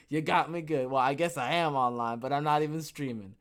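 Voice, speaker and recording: Jokey, rambling male podcast host. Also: normal speed. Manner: jokey and rambling, with frequent "okay?" asides and self-interruptions; animated, with sudden jumps in pitch and loudness. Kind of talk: casual solo commentary reading a news story aloud.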